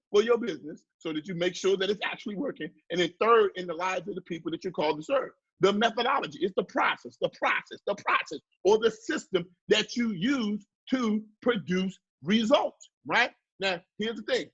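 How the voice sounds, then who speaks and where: High, husky preachy motivational speaker man. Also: fairly bright tone, muffled recording. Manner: preachy call-and-response, mimics others in high voice. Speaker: marketing speaker. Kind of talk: motivational business talk.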